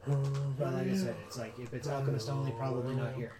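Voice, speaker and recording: A man's voice: mid-range voice, fairly quick. A man playing a tabletop game, talking with dry sarcasm and asking about rules. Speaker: player. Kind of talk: casual tabletop chat. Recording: roomy, distant, noisy.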